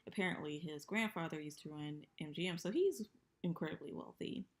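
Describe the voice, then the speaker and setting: A woman's voice: sits low, brisk. A woman in her thirties chatting casually and profanely through a TV episode recap. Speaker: TV recap vlogger.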